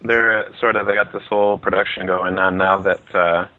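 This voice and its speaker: Man, very deep voice, laid-back podcast co-host, tinny phone line. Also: level tone, moderate pace. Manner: laid-back summarizing, self-deprecating. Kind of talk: casual chat.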